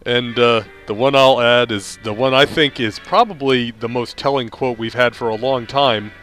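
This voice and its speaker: A man's voice: mid-range voice, steady tone, normal speed, fairly bright tone, soft background music. Rambling male podcast co-host. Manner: rambling, many fillers and restarts. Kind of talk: casual podcast chat.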